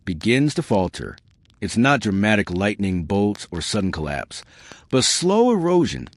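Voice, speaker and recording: A man with a low voice narrates a history story meant to lull the listener to sleep. His delivery is calm and soothing, yet his pitch moves in lively curves. The sound is close and dry, with no room around it. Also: no room sound. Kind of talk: slow bedtime history narration.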